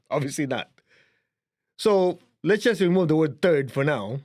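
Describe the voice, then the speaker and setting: A man's voice: fairly high pitch, expressive, takes it slowly, darkish tone. A man with a Chinese accent giving a casual, conversational spiritual lesson, chuckling now and then as he explains. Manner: conversational, chuckling, shows a book to camera. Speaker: spiritual teacher. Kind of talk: casual teaching talk to camera.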